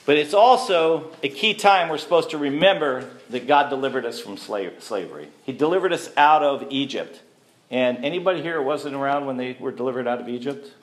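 A man's voice: mid-range voice, lively intonation, fairly quick. Guy giving a sermon, chatty, asks the crowd stuff, roomy echo. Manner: conversational, asks the congregation questions. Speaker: messianic teacher. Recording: echoey room.

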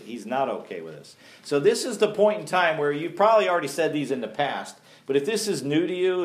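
Folksy male Bible teacher, echoey room. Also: fairly high pitch. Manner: folksy, emphatic, laughs at own jokes. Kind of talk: teaching sermon.

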